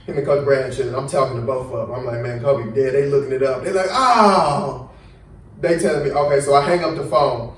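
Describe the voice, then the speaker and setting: A man's voice: medium pitch, a little fast, far from the mic. A young man hosting a podcast, telling a story in casual chat and acting out what people said. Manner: animated storytelling, acts out quotes. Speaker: podcast host. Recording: echoey room, voice a bit off-mic.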